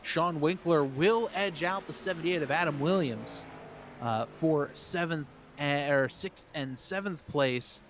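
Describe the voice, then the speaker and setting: A man's voice: fairly high pitch, a little hiss or hum. Man calling a race, play-by-play. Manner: quick, energetic play-by-play calling. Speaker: race commentator. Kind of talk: play-by-play commentary.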